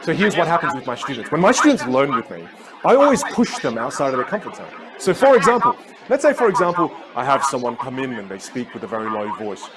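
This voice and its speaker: A man's voice: medium pitch, quick pace. A man whose first language is Teochew gives a keynote talk as a communication coach. He tells stories and acts out the voices. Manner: animated storyteller who acts out voices. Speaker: public speaker and communication coach. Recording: live talk with loud crowd and noise.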